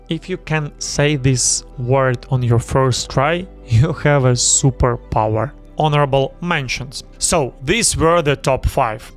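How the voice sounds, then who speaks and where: Slow, careful Ukrainian-accented man. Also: medium pitch. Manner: slow, deliberate, repeats words for practice. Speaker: language video host. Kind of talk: pronunciation lesson.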